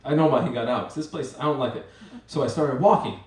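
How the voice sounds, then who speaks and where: A man's voice: medium pitch, quick pace, darkish tone. A man hosting a live story night, telling a story in a rambling, self-mocking way with many restarts. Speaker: master of ceremonies telling a story. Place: live event venue with an audience. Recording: roomy, distant mic, faint ambience.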